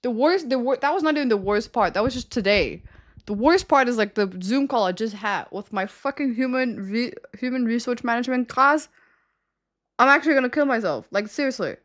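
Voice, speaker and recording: A woman's voice: on the high side, fairly quick. A young woman streaming and chatting casually with viewers, giggling often and ranting with plenty of swearing. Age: young adult.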